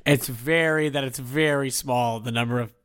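A man of middling pitch talking casually, stumbling over starts before working his point out in earnest. His delivery is plain and conversational. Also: fairly even intonation, moderate pace, fairly bright tone, clean tone. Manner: hesitant, restarts, earnestly explains. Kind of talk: casual chat.

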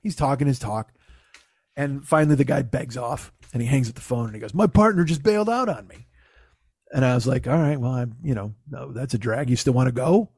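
A man's voice: mid-range voice, brisk, warm tone, breathy edge, no room sound, clean studio sound. A man telling a casual, profane story in his own voice. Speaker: podcast host telling a story.

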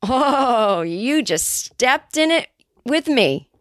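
A female podcast host with a high-pitched voice rants through a sarcastic, profane comedy monologue, speaking extremely slowly yet animatedly. When quoting people she leaps into shrill mocking voices. The audio is close and dry, with no room sound.

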